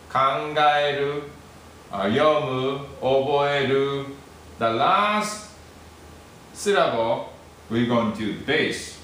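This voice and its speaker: Slow-spoken teacher in a very echoey room. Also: male voice, medium pitch, pushed and bright. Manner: slow, repeats syllables, checks in with "okay?". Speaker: Japanese language teacher. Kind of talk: classroom lesson. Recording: very echoey room with faint noise.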